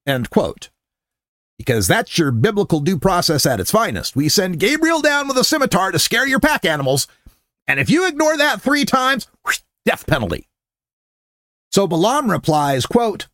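A man's voice: sing-song, normal speed, fairly bright tone, no room sound, studio quality. A man sarcastically retelling an old story as comedy, profane and mocking, jumping in and out of quoted voices. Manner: sarcastic, profane, swings pitch widely for jokes and quotes.

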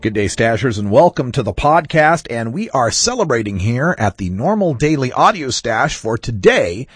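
Male podcast host, husky, animated delivery, dry close sound, wry casual chat. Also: medium pitch, normal speed, dry recording, faint music behind. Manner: lively, wry, chatty delivery.

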